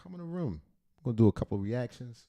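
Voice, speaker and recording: A man's voice: mid-range voice, lively intonation, quick pace, mellow, highs cut off. A man hosting a casual livestream, rambling playfully between jokes and earnest talk. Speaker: livestream host reacting to videos.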